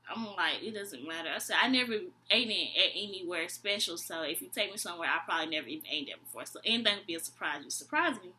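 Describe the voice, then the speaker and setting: A woman's voice: on the low side, quick pace, few pauses, slight background noise. A young woman vlogger telling a storytime tale in a slangy, exasperated way, acting out both sides of the conversation. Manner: animated, acts out both sides of the dialogue. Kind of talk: storytime vlog.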